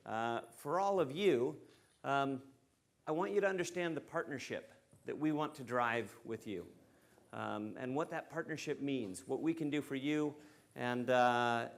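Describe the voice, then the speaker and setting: American man, mid-pitched, easygoing conference speaker, jokes with the crowd. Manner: relaxed, joking, many fillers. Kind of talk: conference keynote talk. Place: conference stage before an audience.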